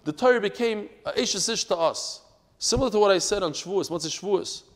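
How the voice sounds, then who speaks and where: A man teaching a daily Talmud class to a live group. He talks in an animated, emphatic way, mixes Hebrew and Yiddish terms into English, and tells stories. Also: high voice, brisk, in a large hall.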